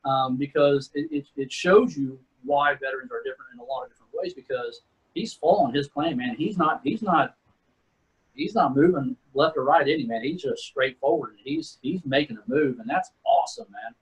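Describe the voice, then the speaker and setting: Through a muffled recording comes a husky, medium-pitched voice at a moderate pace: a middle-aged Texan guest, retired as an Army sergeant first class, casually swapping war stories and addressing folks as "man" and "dude".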